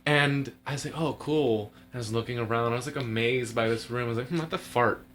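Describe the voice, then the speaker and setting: A man's voice: mid-range voice, steady tone, fast, fairly bright tone. A young man telling a long story to friends, rambling with lots of fillers and laughing through his words. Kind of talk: casual storytelling among friends.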